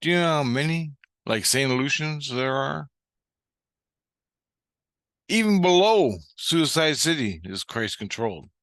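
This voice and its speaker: A man's voice: a little high, expressive, measured pace, pauses often, fairly bright tone, no echo, clean studio sound. A man vlogging about his dreams in a rambling, heavily profane, casual storytelling monologue.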